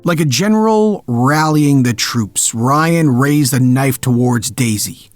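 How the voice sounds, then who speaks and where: Slow dark male horror narrator. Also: medium pitch, expressive.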